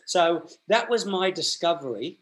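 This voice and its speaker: A man's voice: sits high, lively intonation, measured pace. A man, telling long stories as an interview guest and often restarting and repeating his words. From Australia. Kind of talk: storytelling in a conversational interview.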